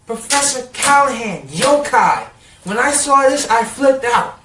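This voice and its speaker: A man giving a casual, rambling recap of a cartoon episode, excitable and full of "like.". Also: very high voice, measured pace, far from the mic, background noise. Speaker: TV episode reviewer. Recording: roomy sound, set back from the mic.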